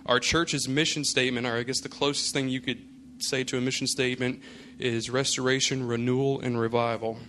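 A man's voice: medium pitch, level tone, a little fast, sharp tone, a little hiss or hum. Casual, storytelling male pastor. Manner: casual storytelling, many fillers. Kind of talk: sermon with personal anecdote.

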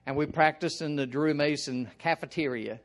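Preaching casually in a Southern American accent, this older man rambles in a folksy way, often clearing his throat and wandering into asides. His pitch sits fairly high and his pace is moderate.

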